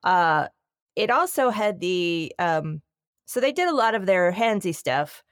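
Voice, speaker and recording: A woman's voice: fairly low pitch, lively intonation, no room sound. Sardonic woman podcasting, dry mic. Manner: sardonic, quick to tease. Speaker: podcast co-host. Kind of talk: casual political chat.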